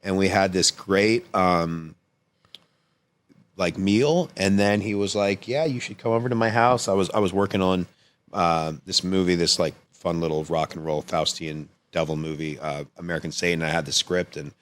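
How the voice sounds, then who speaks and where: A man with a very low voice chats as a podcast guest. He rambles through a personal story in a casual, animated way and swears freely. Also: normal speed, clear, resonant tone.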